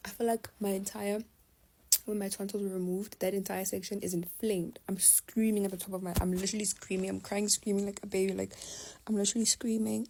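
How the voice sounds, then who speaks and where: A woman's voice: medium pitch, a little fast, background noise. A young adult woman, telling a personal story in casual storytime style, often dropping to a half-whisper. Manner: confiding, animated retelling, often half-whispered.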